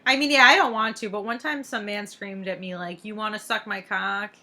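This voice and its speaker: A young woman co-hosting a podcast, chatting casually about a TV show and telling stories with lively voiced quotes. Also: medium pitch, a little fast. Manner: animated storytelling with voiced quotes and laughs. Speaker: podcast co-host. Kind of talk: casual chat recapping a TV show.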